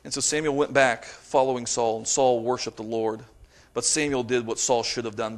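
A man delivering a sermon, reading scripture aloud with dramatic emphasis and rising to forceful peaks. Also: mid-range voice, fairly even intonation, moderate pace. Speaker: preacher.

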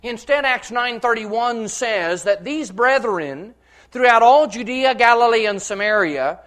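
A man preaching slowly and deliberately, letting each phrase land before the next. He reads scripture aloud with verse references, then drives his points home in loud, repeated declarations. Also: very high voice, expressive. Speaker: pastor. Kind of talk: sermon.

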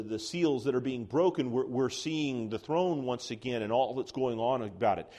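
Male Bible teacher, mid-pitched, calm explainer who reads scripture aloud. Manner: explains calmly, reads scripture passages aloud, some restarts. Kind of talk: Bible study lesson.

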